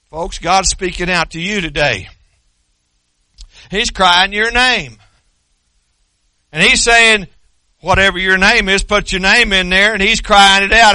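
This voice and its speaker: A man preaching a folksy sermon that climbs into shouted fervor. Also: sits high, measured pace, no echo, clean studio sound.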